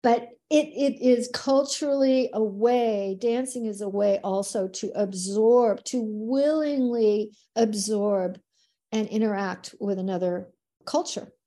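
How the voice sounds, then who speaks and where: A middle-aged woman, a dance teacher guesting on a podcast, telling stories in a lively, expressive way. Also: mid-range voice, slow pace. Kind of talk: casual podcast conversation.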